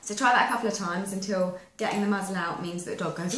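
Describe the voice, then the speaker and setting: A woman's voice: mid-range voice, fast talker, a bit bright. A woman, a dog trainer giving practical step-by-step instructions in a chatty manner. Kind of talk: instructional how-to video. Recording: echoey room with faint noise.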